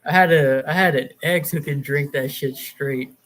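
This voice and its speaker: A man's voice: on the high side, normal speed, a bit bright. A man co-hosting a podcast, reminiscing in a laid-back, profane casual chat. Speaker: podcast co-host.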